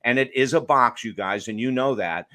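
A man's voice: medium pitch, normal speed. A man, an author and addiction counselor, talking emphatically in a podcast interview and telling stories to make his points. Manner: emphatic, storytelling, lively asides.

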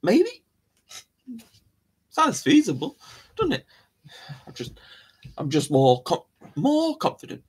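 Rambling male host, husky tone, casual and self-deprecating. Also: sits high, wildly swooping pitch, takes it slowly, pauses often, a little mellow. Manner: rambling, chatty, self-mocking. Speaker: live show host. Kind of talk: casual live-stream chat.

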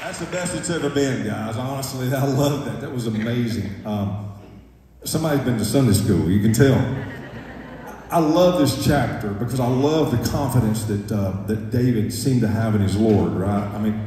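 A man's voice: mid-range voice, moderate pace, dark tone. A man, a gospel singer giving a joking, folksy stage talk between songs in a church concert hall. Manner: folksy, joking, stirs the crowd up. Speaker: gospel quartet singer speaking to the audience. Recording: echoey hall, distant mic, crowd.

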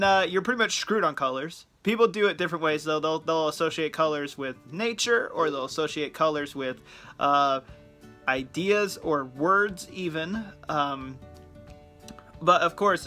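A young man talks casually to his viewers, joking and chatting as he explains things. His voice sits a little high and sounds bright and forward. Faint music plays underneath. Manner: joking, chatty, laughs at own jokes. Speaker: vlogger host. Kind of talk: casual talk to camera.

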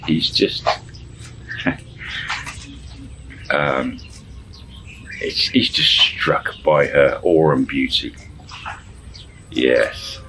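A man's voice: very deep voice, sharp tone, a little hiss or hum, poor audio. A man telling a story in a casual spoken style, chuckling and acting out the dialogue in shifting voices. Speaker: storyteller channel host.

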